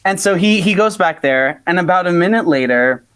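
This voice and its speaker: A man's voice: high-pitched, expressive, fairly quick, a bit bright, smooth, no room sound. A man from the United States, a folk-punk musician, telling a story animatedly in a casual interview and acting out the people he quotes, with plenty of filler words.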